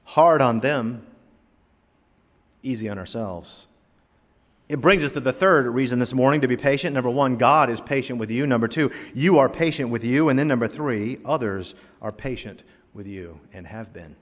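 A man in his sixties preaching a sermon as pastor, animated and acting out the voices in his anecdotes. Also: mid-range voice, normal speed. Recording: long reverb of a large hall.

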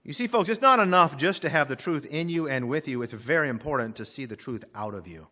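A man preaching a sermon as pastor, emphatic, swelling loud then dropping to a hush. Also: medium pitch, animated, brisk, in a large hall.

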